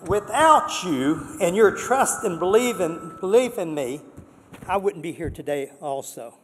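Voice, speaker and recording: An older man giving an earnest, excitable award acceptance speech, repeating words for emphasis. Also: sits high, a little hiss or hum. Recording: long reverb of a large hall.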